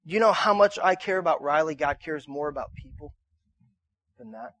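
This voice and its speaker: A male pastor in his thirties preaching a conversational sermon to a room, repeating himself and rising to shouts in his stories. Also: on the high side, animated, normal speed. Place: church auditorium.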